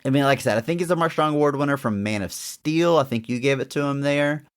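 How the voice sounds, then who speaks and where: A man's voice: medium pitch, fast talker, smooth. A man co-hosting a podcast, chatting casually about a movie and rambling with frequent restarts and hedges. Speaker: podcast co-host. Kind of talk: casual movie review chat.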